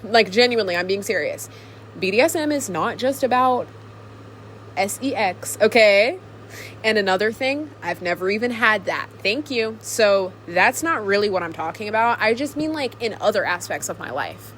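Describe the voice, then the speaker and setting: A woman's voice: medium pitch, lively intonation, moderate pace, fairly bright tone, a little hiss or hum. A young woman vlogging to her camcorder alone, chatting casually in a rambling, giggly way. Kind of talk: casual chat to camera. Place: alone in a room.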